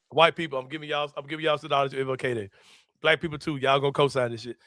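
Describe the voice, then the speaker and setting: A man hosting a casual sports-show chat, a loud, laughing storyteller who swears freely. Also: mid-range voice, steady tone, quick pace, no room sound. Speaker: podcast host.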